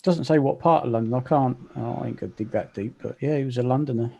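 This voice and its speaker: A man's voice: medium pitch, gravelly, a little mellow, muffled recording. A man bantering playfully in a casual livestream chat. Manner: playful, jokey, quick banter.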